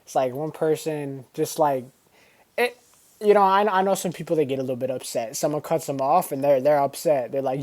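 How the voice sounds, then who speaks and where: A man's voice: on the high side, brisk, a little mellow. A man talking casually to camera in a vlog, rambling with lots of fillers and slang. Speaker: vlogger.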